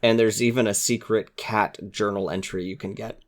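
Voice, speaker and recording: Podcast guest, man, lowish voice, eager and earnest. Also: steady tone, normal speed. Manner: earnest, enthusiastic, acts out quoted lines. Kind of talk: casual chat.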